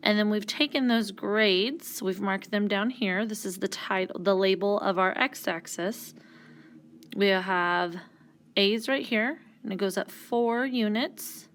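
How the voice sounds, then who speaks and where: A woman's voice: mid-range voice, a little hiss or hum. A woman teacher giving a recorded classroom lesson, explaining patiently and step by step with the odd "um". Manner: uses fillers like um.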